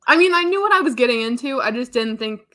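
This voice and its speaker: A young woman chats casually as a book club co-host, her voice sitting a little high. She gives strong opinions and laughs often. She quotes characters in playful put-on voices. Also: expressive, quick pace, pushed and bright.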